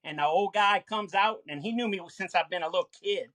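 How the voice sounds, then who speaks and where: A man, a podcast guest reminiscing about his childhood in a relaxed way. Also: high-pitched, a little fast, no room sound. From Westbank of New Orleans. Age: 60s. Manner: relaxed reminiscing, many fillers. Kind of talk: casual interview chat.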